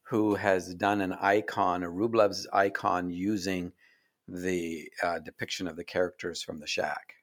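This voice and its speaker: Low gravelly guy, soft earnest author talk, voice drops off at the ends. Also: little pitch movement, a little slow. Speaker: author guest. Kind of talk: reflective conversation. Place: Oregon.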